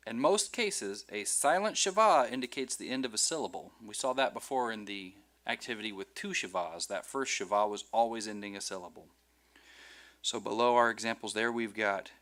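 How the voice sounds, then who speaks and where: A man's voice: fairly low pitch, fairly bright tone. A man teaching a Hebrew class over a video call, patiently repeating each word for his students.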